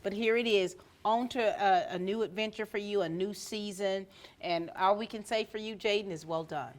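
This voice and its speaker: A woman's voice: mid-range voice, normal speed. Gushing woman interviewer. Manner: effusive, encouraging, rambling questions. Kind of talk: casual interview.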